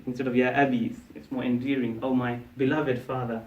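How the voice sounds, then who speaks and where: A man's voice: mid-range voice, level tone, brisk, lo-fi sound. A man teaching a class, explaining and quizzing his students, checking in often with "yeah?". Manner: explains, asks the class questions; frequent "yeah?" and restarts. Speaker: Arabic teacher. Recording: echoey room, mic from a distance.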